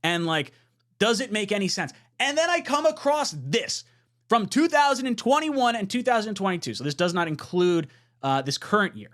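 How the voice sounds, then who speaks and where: A man in his thirties giving casual fan commentary as a podcast host, frustrated, swinging between low mutters and loud outbursts. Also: big pitch swings, normal speed. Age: 30s.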